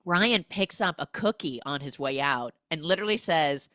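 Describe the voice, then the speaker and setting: A woman's voice: low-pitched, lively intonation, normal speed, a bit bright, no echo, studio quality. A woman hosting a podcast, recapping a movie in a chatty, comic way and acting out the characters' lines in exaggerated voices. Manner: chatty, peppered with "like" and "he's like". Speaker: podcast host.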